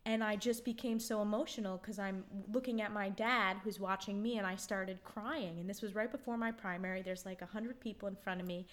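A woman's voice: mid-range voice, steady tone, fairly quick, hardly any pauses. An American woman in her thirties, a member of Congress, answering interview questions in an earnest, reflective way with frequent ums and restarts. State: choked up. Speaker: congresswoman guest.

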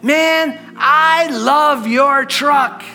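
A man voicing a loud, excited young man at a gas station, drawing his words out slowly. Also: very high voice, soft background music, pitched above the performer's own voice, exaggerated voice. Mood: loud admiring. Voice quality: loud, drawn-out, emphatic.

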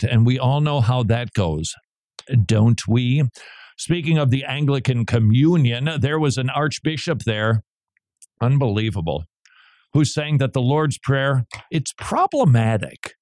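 A man's voice: mid-range voice, darkish tone, no echo, studio quality. A man hosting a radio talk show, chatting in a loose, digressive way and laughing between remarks. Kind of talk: casual on-air banter.

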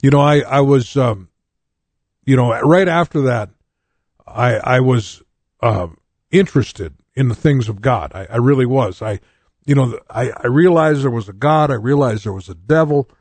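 A pastor in his sixties from North Dakota tells his own story from the pulpit in a loose, conversational way, restarting his sentences and poking fun at himself. His voice sits at an ordinary pitch for a man. The recording is dry and close, with little room sound. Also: normal speed, darkish tone, dry recording. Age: 60s. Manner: candid and conversational, with frequent restarts and wry self-mockery. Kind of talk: personal testimony in a sermon.

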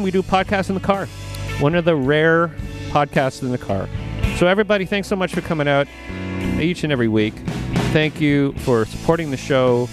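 A man hosting a podcast, chatting casually and rambling, with many fillers and restarts. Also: a little high. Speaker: podcast host. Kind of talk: casual interview and show wrap-up.

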